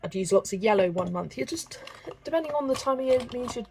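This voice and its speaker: Fast and fairly high, with lively intonation, she talks over music while colouring on her livestream. She chats casually, reads chat messages and thinks aloud as she chooses colours.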